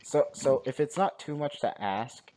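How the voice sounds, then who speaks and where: A man's voice: medium pitch, lively intonation, unhurried, a little mellow, lightly acted. A man playing a polite, sheltered young monk. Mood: polite earnest. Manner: polite, hesitant requests. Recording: noisy recording.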